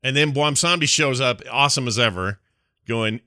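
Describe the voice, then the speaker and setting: A man hosts a casual podcast chat with a bright, forceful voice. He rambles through a recap, stumbles over names and laughs a lot. The sound is close and dry. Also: medium pitch, normal speed, dry recording. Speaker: podcast host.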